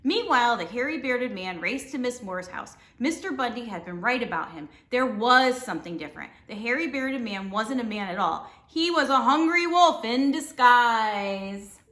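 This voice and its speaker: A woman teacher reading a storybook aloud to children, expressive and gentle, in a roomy recording. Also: fairly high pitch, moderate pace, hardly any pauses. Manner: expressive and warm toward children. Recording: roomy echo.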